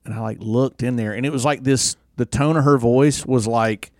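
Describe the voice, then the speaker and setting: A man tells a story in casual podcast chat, swearing as he goes and getting animated when it heats up. His voice sits in a mid range, recorded close and dry. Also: mid-range voice, moderate pace, dry recording. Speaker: podcast co-host.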